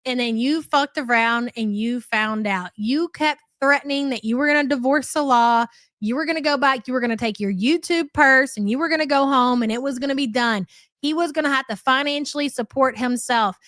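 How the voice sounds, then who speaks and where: A woman's voice: sits high, brisk, a bit bright, dry recording, clean studio sound. A woman hosting a live commentary stream, chatty and sarcastic as she reacts to clips and thanks viewers. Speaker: livestream commentary host.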